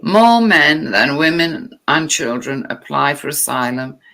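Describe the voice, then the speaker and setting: Reading text aloud at an unhurried pace, this woman vlogger has a gravelly, fry-laden voice that's low with lively intonation. Bright and tense the whole way, she repeatedly interrupts herself with irritated, sarcastic remarks.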